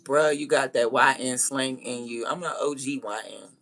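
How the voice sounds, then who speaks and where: A woman's voice: very deep voice, normal speed, fairly bright tone, soft background music. A young woman hosting a livestream, ranting bluntly and confrontationally with lots of profanity. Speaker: livestream host. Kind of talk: casual livestream rant.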